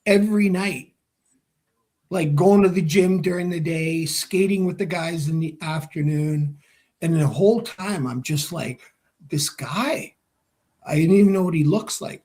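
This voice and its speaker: A man, a former hockey player and interview guest, telling a long story with lively acted-out dialogue and casual swearing. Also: sits high, normal speed. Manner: animated storyteller, acts out quoted dialogue, swears freely.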